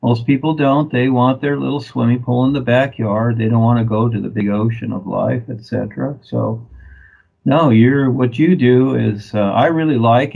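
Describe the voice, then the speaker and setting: A man with a gravelly, husky voice talks in a loose, rambling way. He chuckles easily as he wanders from one thought to the next in casual chat. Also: medium pitch, narrow, tinny audio.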